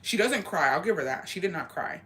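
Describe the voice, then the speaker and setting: A young woman telling a story in casual chat, swearing constantly and talking in an animated way. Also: fairly low pitch, a little fast. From rural area.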